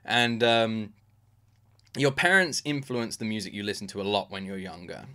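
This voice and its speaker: A British man in his thirties chatting casually as a music reaction host, openly emotional and excitable, full of fillers. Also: fairly low pitch, moderate pace. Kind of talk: casual chat.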